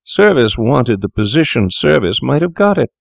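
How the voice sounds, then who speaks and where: A shaken, panicking young student, as a male reader puts him on, his lines strained and cracking upward. The voice is pitched well above the reader's deep natural tone, recorded dry and close. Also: very animated, moderate pace, creaky, no echo. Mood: panicked.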